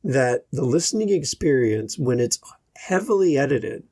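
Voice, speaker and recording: A man hosting his own podcast, talking alone in a slow, deliberate way with long pauses between phrases. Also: mid-range voice, big pitch swings, darkish tone, slightly rough, no echo, clean studio sound. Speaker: podcast host and editor. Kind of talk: solo podcast monologue.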